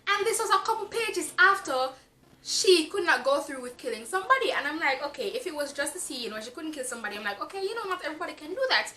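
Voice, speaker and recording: A woman's voice: high voice, big pitch swings, fast talker, bright, forceful tone, a little hiss or hum. A woman from Jamaica with a Jamaican accent, giving a frank, exasperated casual book review with lots of fillers. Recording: echoey room.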